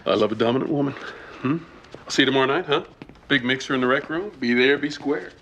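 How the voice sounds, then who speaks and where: A cocky gym-rat flirt, played by a man who brags and leans on smarmy pick-up lines. His voice sits at a middling pitch. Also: fast, a bit bright, lo-fi sound, slight background noise, close to an everyday voice. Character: cocky muscle-bound ladies' man.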